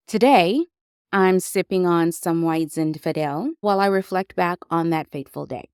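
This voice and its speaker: A woman hosting her own podcast, telling a deeply personal story in a reflective, confessional way with emotional emphasis. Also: moderate pace, a little mellow, soft background music. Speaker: podcast host.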